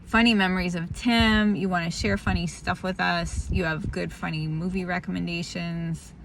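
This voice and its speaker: Tired woman with a gravelly low voice. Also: fairly even intonation, moderate pace, a bit bright, a little hiss or hum. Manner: rambling, candid, laughs through hardship. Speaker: vlogger sharing a family update. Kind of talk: casual spoken diary.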